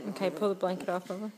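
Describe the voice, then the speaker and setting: A woman at home calling to her dogs in a coaxing voice and laughing often, captured on a noisy home video. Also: medium pitch. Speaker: pet owner filming her dogs. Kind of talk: casual home video chat. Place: at home indoors.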